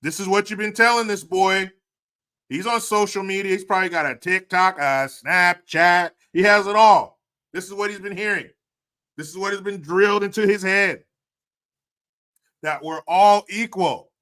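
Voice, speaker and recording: At a moderate pace, a man hosts an opinionated commentary video full of profanity and mockery, alternating between loud outbursts and low, muttered asides.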